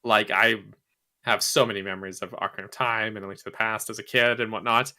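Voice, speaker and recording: A man co-hosting a gaming podcast, chatting casually with halting restarts and frequent chuckles. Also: lowish voice, fairly even intonation, pushed and bright. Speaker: podcast co-host. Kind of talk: casual chat.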